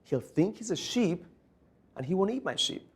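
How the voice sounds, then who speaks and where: Brief: kind, worried farmer, quiet and a bit raised, voiced by a male speaker. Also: high voice, very animated, moderate pace, husky, pitched above the performer's own voice, heavily acted.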